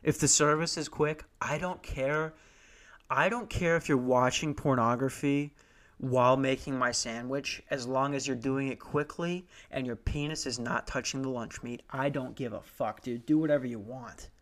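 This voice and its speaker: A man's voice: mid-range voice, fairly even intonation, moderate pace, fairly bright tone. Profane ranting young man comedian. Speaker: stand-up comedian. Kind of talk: stand-up comedy storytelling.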